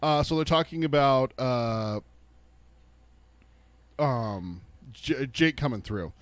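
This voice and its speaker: A man of middle pitch joins a casual book club chat, talking animatedly, swearing freely and acting out how characters react. The recording is close and dry. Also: slow, dry recording. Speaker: podcast co-host.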